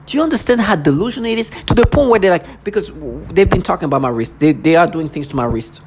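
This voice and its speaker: A vlogger in an intense, repetitive personal monologue who keeps mimicking other people in a lower voice. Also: expressive, quick pace, noisy background.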